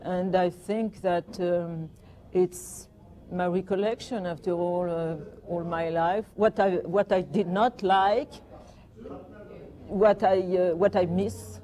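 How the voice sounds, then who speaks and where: An older woman from France with a French accent, chatting in an interview and telling anecdotes with gentle amusement. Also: on the low side, steady tone, slow. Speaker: guest, performer. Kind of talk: reminiscing interview.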